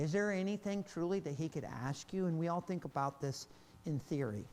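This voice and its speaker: Animated high-voiced man preaching a sermon. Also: a little fast, a little hiss or hum. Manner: animated, repeats and restarts, laughs between points, swings from loud to quiet.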